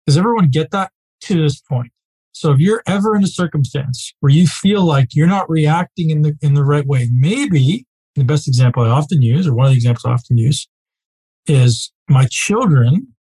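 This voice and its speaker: A man teaching a live group as a coach, speaking casually and emphatically, often checking in with a quick "right?". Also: on the high side, warm tone, breathy edge, rough recording.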